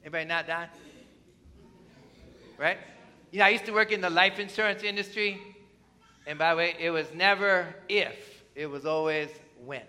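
A man's voice: on the high side, normal speed, long pauses, sharp tone. A man preaching a sermon to his congregation, emphatic and conversational, often asking the listeners questions. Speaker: pastor. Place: church.

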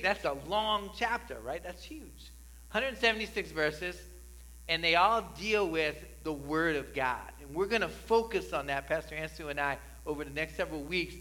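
Male pastor with a New Jersey accent, high bright voice, conversational sermon that builds to emphatic preaching, faint mains hum. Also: low-quality recording. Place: church sanctuary.

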